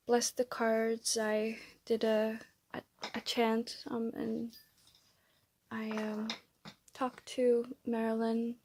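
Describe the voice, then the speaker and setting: A woman's voice: a little high, a little mellow, dry recording. A woman doing a casual tarot reading at home, chatty and rambling, with frequent restarts and asides. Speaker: tarot reader and psychic channeler. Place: room at home.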